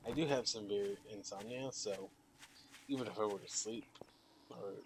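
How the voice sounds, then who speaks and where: A man's voice: lowish voice, moderate pace, background noise. A tired young man giving casual, rambling commentary while he plays a survival game, with lots of fillers. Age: young adult. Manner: rambling, relaxed, many fillers. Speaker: gaming channel host.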